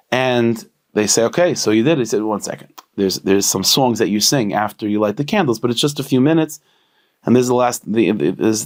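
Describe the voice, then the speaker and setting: A man, a rabbi, telling a story in a casual spoken way, full of fillers and restarts, and jumping into lively voices for the people in it. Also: on the low side.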